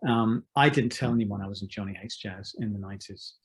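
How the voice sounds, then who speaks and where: A man in his fifties, a musician being interviewed, who talks in a thoughtful, measured way with many restarts. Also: lowish voice. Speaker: musician guest. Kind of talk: reflective interview talk.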